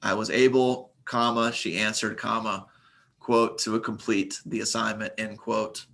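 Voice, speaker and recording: A man's voice: on the low side, flat delivery, unhurried, vocal fry, a bit bright. A man teaching a recorded grammar lesson, reading example sentences aloud and explaining them methodically, with the occasional filler.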